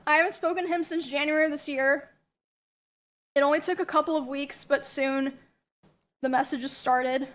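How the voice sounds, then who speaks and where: A woman with a high voice that stays flat and even, hardly rising or falling. She talks in a measured, halting way, pausing often and filling gaps with "um" as she lays out a recorded statement. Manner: halting, measured, with many pauses and fillers.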